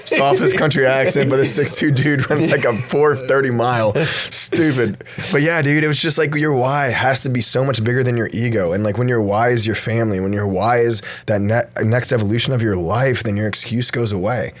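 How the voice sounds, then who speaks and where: A man's voice: medium pitch, steady tone, a little fast, hardly any pauses. A young man co-hosting a casual podcast chat, earnest and emotional, swearing freely. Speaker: podcast co-host.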